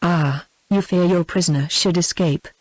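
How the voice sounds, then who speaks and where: Audiobook: British female TTS voice as a manipulative captive noblewoman, even and unacted. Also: on the low side, moderate pace, no room sound, close to an everyday voice, low-quality recording. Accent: British English. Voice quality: even synthetic delivery. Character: scheming imprisoned noblewoman, pleading.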